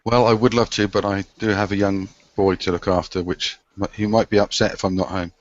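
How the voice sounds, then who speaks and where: A man with a lower voice trading jokes and slang with friends. His audio is muffled and lo-fi, like an online call. The talk is relaxed and teasing. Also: brisk, no room sound. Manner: joking, slangy. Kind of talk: casual banter.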